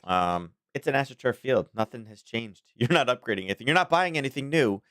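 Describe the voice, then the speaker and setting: A man's voice: medium pitch, animated, a little fast, a bit bright, dry recording, studio quality. A man hosting a casual daily market commentary stream, talking in a rambling, chatty way with frequent chuckles.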